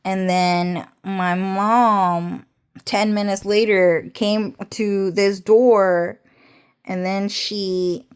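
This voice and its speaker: A woman vlogger telling a personal story in a rambling, casual monologue, swearing often and filling pauses with "um" and "so anyways". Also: medium pitch, steady tone, clear, resonant tone. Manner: rambling, profane, frequent "so anyways" and "um".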